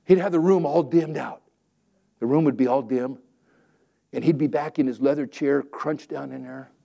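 A male pastor preaching a sermon, swinging between loud emphatic declarations and quiet, conversational asides. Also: mid-range voice, moderate pace, gravelly, highs cut off.

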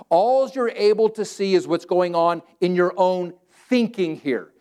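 A pastor from Southern California preaches with a high-pitched, clear, resonant voice, pacing himself a little slowly. He uses plain words, stays animated and conversational, and acts out the scripture he quotes.

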